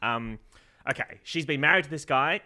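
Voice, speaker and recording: Male co-host, bright tone, slightly high voice, playful. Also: moderate pace. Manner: playful, bursts of put-on voices. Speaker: podcast co-host. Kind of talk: casual comedic chat.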